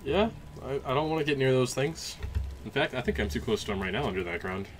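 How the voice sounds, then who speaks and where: A young man casually commentating a video game, chatty and jokey, with loud excited outbursts. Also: medium pitch, quick pace, a little hiss or hum. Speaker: let's play host. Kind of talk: gameplay commentary.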